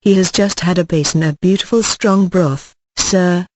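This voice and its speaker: A prim, proud old housekeeper woman, as an audiobook narrator reads her, stressing her words with quiet dignity. Her pitch is middling and the recording is dry and close. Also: fairly even intonation, takes it slowly, no echo, lightly acted. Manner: prim, emphatic. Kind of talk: audiobook character reading.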